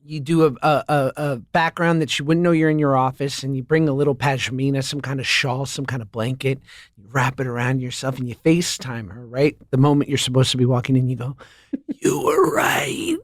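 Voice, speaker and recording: A man's voice: medium pitch, flat delivery, brisk, dry recording, studio quality. A man hosting a podcast in casual chat, playful and joking. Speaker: podcast host.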